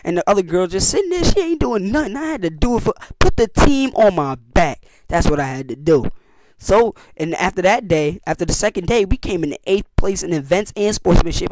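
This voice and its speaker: A teen YouTuber with a high voice recounts camp stories at normal speed in a laid-back vlog. He's slangy and animated, acting out people's words with dramatic swings in his voice.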